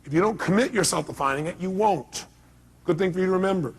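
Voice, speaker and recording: Gravelly, husky man giving a fast seminar talk. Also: high-pitched. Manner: dramatic storytelling with acted-out voices, swinging loud and soft. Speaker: motivational speaker. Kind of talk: seminar talk to a live audience.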